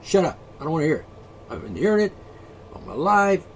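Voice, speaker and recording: A man's voice: fairly high pitch, sing-song, a little fast, a little hiss or hum. A man vlogging an angry solo rant, profane, sarcastic and mocking.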